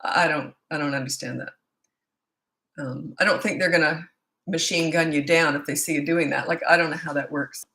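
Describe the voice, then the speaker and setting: Chatty sixty-something lady doing a parenting livestream, lowish voice, rambles on. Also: steady tone, normal speed, a bit bright. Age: 60s. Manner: chatty, rambling, reads out viewer comments. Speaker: parenting coach. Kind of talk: casual live-stream Q&A. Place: home.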